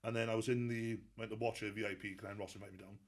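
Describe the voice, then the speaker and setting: A man's voice: on the low side, level tone, quick pace. A Welsh man telling stories in a casual interview, laughing and swearing freely. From Wales. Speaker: guest strongman athlete.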